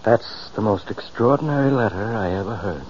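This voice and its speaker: An actor playing an amazed, questioning doctor in a 1940s radio drama. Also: male voice, fairly low pitch, lively intonation, moderate pace, a little mellow, lightly acted. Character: skeptical middle-aged doctor. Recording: muffled old radio recording with hiss.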